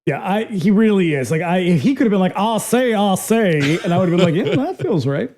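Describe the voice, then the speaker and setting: Animated podcaster with a mellow voice. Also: mid-range voice, quick pace. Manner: animated, profane, acts out quotes. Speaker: podcast co-host. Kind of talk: casual film discussion.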